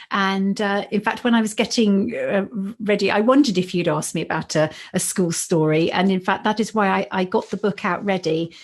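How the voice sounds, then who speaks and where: A woman's voice: medium pitch, moderate pace, hardly any pauses. A British woman in her late forties, a podcast host and former teacher, telling stories in an earnest, emotional way and repeating herself for emphasis. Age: 40s. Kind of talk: podcast interview storytelling.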